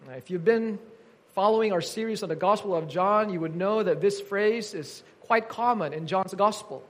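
A man's voice: high voice, normal speed. A man preaching an earnest teaching sermon, quoting scripture with emphasis.

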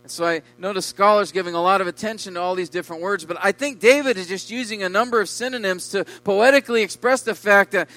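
Bright-voiced guy preaching, kinda high, leans hard on words then goes quiet. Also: quick pace, hardly any pauses, no room sound, low-quality recording. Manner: emphatic preaching, swelling loud on key words and dropping low. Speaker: pastor. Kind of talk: sermon.

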